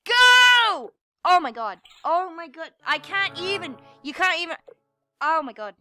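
A young woman playing a game and commenting, frustrated, swearing and yelling at it. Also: extremely high pitch, lively intonation, moderate pace, soft background music. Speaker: gamer. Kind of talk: gameplay commentary.

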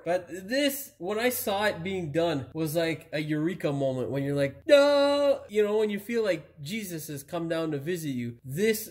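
This man hosts a home car repair tutorial, working on the car as he talks into the camera mic. He sounds tired but theatrical, with a voice on the higher side, hamming up the reveals and dropping casual curses. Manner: animated and theatrical, keeps saying "boys and girls", swears casually. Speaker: auto repair channel host. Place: home driveway workspace.

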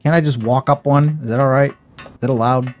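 A man's voice: medium pitch, steady tone, a little fast, highs cut off, a little hiss or hum. A man hosting a let's play, thinking aloud with wry, self-deprecating commentary as he plays. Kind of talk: casual gameplay commentary.

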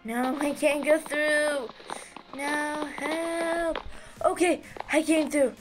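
A woman giving casual, excitable gameplay commentary as host of her gaming channel, giggling and squealing with delight. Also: high-pitched, takes it slowly, background noise.

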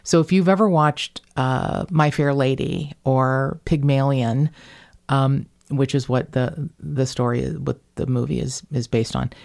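A woman from Northern Kentucky with a slight accent from there, hosting a podcast and telling stories in a rambling, animated way. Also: a bass voice, unhurried, creaky. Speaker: podcast host. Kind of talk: casual podcast chat.

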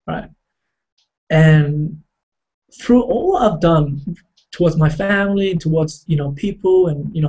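A man telling a personal story in a halting, reflective way, with many fillers and restarts. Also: a little high, vocal fry, warm tone, breathy edge, highs cut off.

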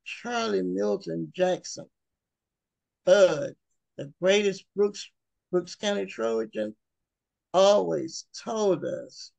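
Earnest woman speaker, gravelly voice, slow heartfelt delivery, dry recording. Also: medium pitch, a little mellow, no room sound. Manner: emotional, earnest, with long pauses. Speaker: webinar speaker. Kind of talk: heartfelt personal talk.

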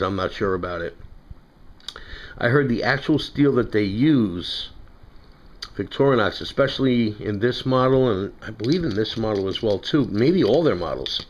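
Man, New York accent, low voice, chatty rambling knife review, dull lo-fi recording. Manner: rambling, chatty, self-correcting. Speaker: knife collector reviewing knives. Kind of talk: casual product review.

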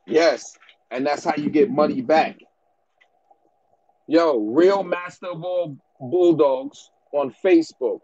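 A man's voice: a little high, slow pace, a little mellow, muffled recording. A man who breeds dogs, giving business advice in a casual rant to the camera, slangy and repetitive, often ending lines with "bro" and "man".

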